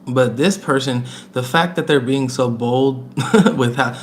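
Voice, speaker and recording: A man's voice: medium pitch, unhurried, a little hiss or hum. Chatty man giving a casual tarot reading. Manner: chatty, emphatic, repeats words, laughs between points. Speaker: tarot reader.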